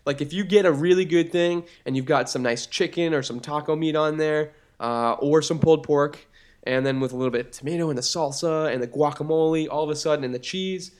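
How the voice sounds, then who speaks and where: A young man with a faint Boston accent co-hosts a podcast in casual chat. He rambles and piles on fillers, and his voice sits slightly higher than most men's. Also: fairly quick, smooth. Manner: animated, rambling, lots of fillers. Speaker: podcast co-host.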